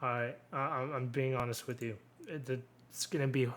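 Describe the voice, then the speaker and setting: A man's voice: mid-range voice, steady tone, fairly quick, a bit bright. A young man hosting a casual solo sports recap, rambling and blunt, swearing freely and restarting his sentences often. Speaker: sports commentary host.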